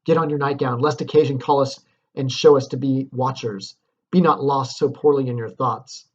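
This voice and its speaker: A man's voice: mid-range voice, fairly even intonation, normal speed, highs cut off, lightly acted. A man reading aloud as a scheming, scornful noblewoman, raising his voice to scold. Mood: scornful commanding. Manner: raised, scolding, theatrical.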